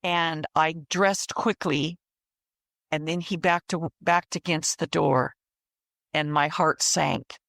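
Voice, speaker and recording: A woman in her fifties recounts her past in a slow, deliberate way, her voice carrying a gravelly edge. She speaks with earnest, repetitive phrasing. The recording is close and dry. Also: sits low, steady tone, fairly bright tone, no echo. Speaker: interview guest. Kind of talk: personal testimony in interview.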